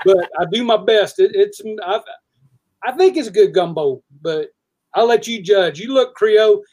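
A man's voice: high voice, slow, pauses often, a little mellow. A man, hosting a casual fishing and cooking chat and rambling in a joking drawl. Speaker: fishing and cooking show host.

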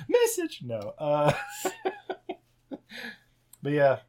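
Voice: medium pitch, wildly swooping pitch, extremely slow. A podcast co-host recapping a movie in casual chat, rambling and profane, often laughing and acting out characters.

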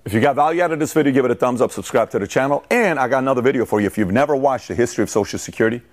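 A middle-aged man hosting a motivational commentary video, telling stories with animated emphasis. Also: medium pitch, racing. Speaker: host.

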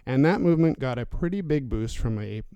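A man's voice: medium pitch, expressive, a little fast, mellow, clear, resonant tone, no room sound, highs cut off. Man hosting a newsroom podcast, dry sound. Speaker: podcast host. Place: newsroom studio.

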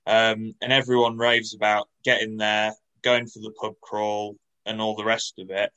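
A man co-hosting a podcast in casual chat, measured and dryly teasing. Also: fairly low pitch, flat delivery, sharp tone, smooth, lo-fi sound. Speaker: podcast co-host.

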